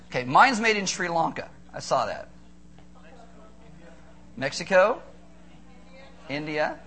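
A man's voice: a little high, measured pace, pauses often, slightly rough. A man preaching a sermon, firing off rhetorical questions and joking with the congregation. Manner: animated, rhetorical questions, playful asides to congregation. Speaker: pastor.

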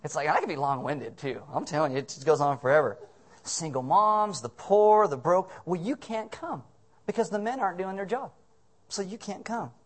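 A man's voice: high-pitched, normal speed. A man preaching a sermon with punch and humor. He drives each point home by repeating it, then eases off with a joke before pressing on. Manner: emphatic and jokey, repeats key phrases. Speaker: pastor.

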